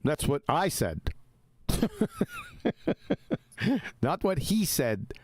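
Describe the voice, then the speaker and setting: A man hosting a live reaction stream, his voice set a little high and swinging widely in pitch as he mocks and jabs. The sound is dry and close, with no room around it. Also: very animated, extremely slow, no room sound. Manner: mocking, combative, profane.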